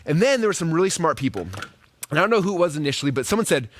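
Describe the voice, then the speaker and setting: Guy teaching marketing super fast, high voice, dry close sound. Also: dry recording. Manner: acts out quoted voices in a high excited pitch. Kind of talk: energetic teaching talk.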